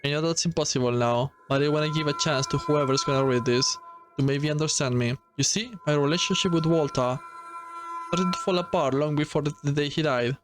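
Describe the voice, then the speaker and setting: A man's voice: on the high side, brisk, music in the background, close to an everyday voice, low-quality recording. Loretta, a man reading a bitter farm wife. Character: hard-bitten young woman farm wife. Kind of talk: reading game dialogue aloud.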